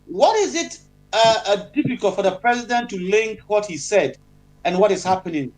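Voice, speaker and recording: A man's voice: high-pitched, animated, moderate pace, rough recording. A man hosting a live-stream interview, asking long probing questions. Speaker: host.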